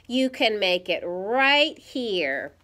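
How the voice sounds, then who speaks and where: A woman voicing a gentle, amused mother talking lovingly to her young children in a storybook read-aloud. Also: medium pitch, sing-song, very slow, full character voice. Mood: fond.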